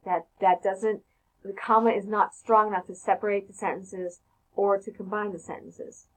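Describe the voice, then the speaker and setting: A woman's voice: medium pitch, fairly even intonation, normal speed, rough recording. A woman teaching a casual grammar lesson, talking conversationally and often checking in with "okay?".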